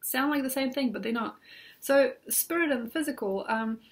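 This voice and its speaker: A woman astrologer with a slightly high voice talks from her bed at home. She rambles in a loose, reflective way, full of "like" and "you know." It sounds like a casual computer recording. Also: moderate pace. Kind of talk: casual spoken astrology talk.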